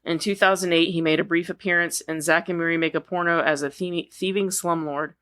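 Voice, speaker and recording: A woman's voice: lowish voice, steady tone, fairly quick, fairly bright tone. A woman co-hosting a casual film podcast, reading a profile aloud and now and then stumbling over words before correcting herself. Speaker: podcast co-host.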